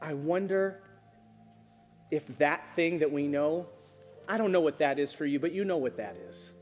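A man preaching a sermon as pastor in a church auditorium, animated and emphatic, on a stage microphone. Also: fairly high pitch, normal speed. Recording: reverberant hall with music behind.

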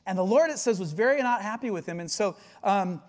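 Animated male pastor in a reverberant hall. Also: high voice, a little fast. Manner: animated storytelling, acting out voices. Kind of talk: sermon.

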